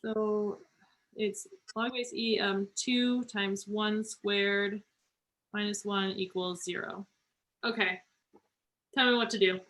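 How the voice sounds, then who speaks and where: A woman with a bright, forceful voice tutors students through a math problem. She is encouraging and talks through each step slowly and plainly. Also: mid-range voice, fairly even intonation, low-quality recording. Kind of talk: online tutoring session.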